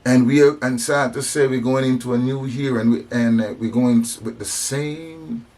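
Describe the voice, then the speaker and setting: A man of African descent, speaking on religion and society, gives an impassioned sermon-like monologue on compassion with emphatic repetitions and restarts. His mid-range voice is a little mellow, fairly even in intonation, and moderate in pace.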